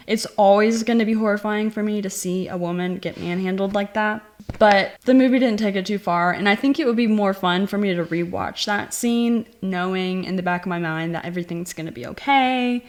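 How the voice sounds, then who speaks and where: A woman giving a casual movie review, chatty and animated, acting out lines from the scenes she retells. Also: mid-range voice, a little fast. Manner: chatty, many "like" fillers.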